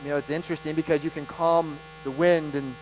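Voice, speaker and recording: A man delivering a sermon in a fairly high voice, animated and emphatic. He leans into dramatic pauses as he preaches, and a faint mains hum runs under the recording. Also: low-quality recording. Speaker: pastor.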